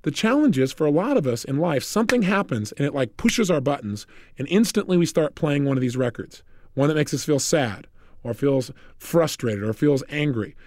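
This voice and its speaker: A man's voice: a little high, normal speed, dry recording, clean studio sound. A man giving a motivational seminar talk, telling a story animatedly and acting out the people in it. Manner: animated storytelling, acts out quotes, chuckles. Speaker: motivational speaker.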